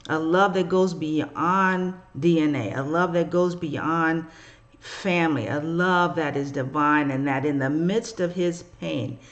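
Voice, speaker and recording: This is a middle-aged spiritual reader talking through scripture in a casual, heartfelt way. The voice sits at a middle pitch, and the delivery is animated and emotional. It breaks into slangy voices for the figures in the stories. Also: slow, highs cut off. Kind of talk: casual spiritual teaching monologue.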